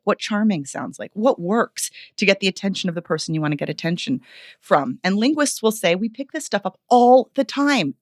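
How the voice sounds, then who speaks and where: Animated woman vocal coach, lively pitch. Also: no room sound, clean studio sound. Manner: expressive, animated, playful ironic asides. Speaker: vocal coach and author, guest. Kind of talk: podcast interview.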